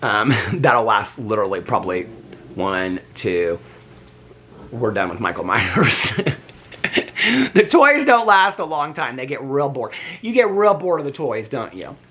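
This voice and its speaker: A man's voice: medium pitch, sing-song, unhurried, pushed and bright, slightly rough. A man vlogging from his bedroom at home, chatting in a rambling way and talking sweetly to his dogs. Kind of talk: casual chat.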